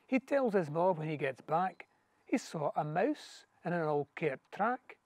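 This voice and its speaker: A Scottish man reciting a poem in a steady, rhythmic cadence, slipping easily into Scots dialect. His voice sits slightly high for a man. The recording is dry and close, with no room sound. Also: measured pace, no echo. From Scotland. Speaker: poetry reader. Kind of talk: poetry reading. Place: outdoors, back garden.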